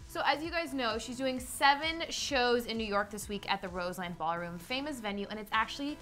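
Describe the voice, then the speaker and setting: A young woman co-hosts a celebrity news rundown in a high, bright voice. She chats in a bubbly way and talks straight to the viewers. Faint music plays under her. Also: expressive, a little fast. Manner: bubbly, chatty, addresses viewers directly. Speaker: entertainment news co-host. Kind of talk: casual celebrity news chat.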